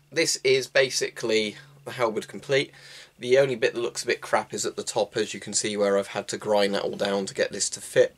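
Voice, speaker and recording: Man, lowish voice, casual show-and-tell vlog, rambling, lots of ums, indoors at home. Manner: rambling, chatty explaining with many ums. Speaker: hobbyist weapon maker. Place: indoors at home, low-ceilinged room.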